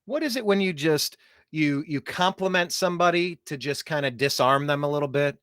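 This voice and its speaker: A man hosting a talk show, ranting in an animated, mocking way about clips he plays. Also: on the high side, a little fast, clear, resonant tone, no room sound, studio quality. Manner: animated, mocking, does voices while ranting. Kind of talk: opinionated commentary over clips.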